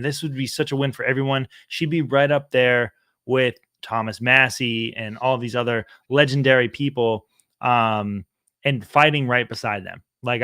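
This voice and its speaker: A man's voice: mid-range voice, fairly bright tone, no room sound, studio quality. A young man hosting a podcast, rambling in casual interview talk with many fillers. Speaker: podcast host.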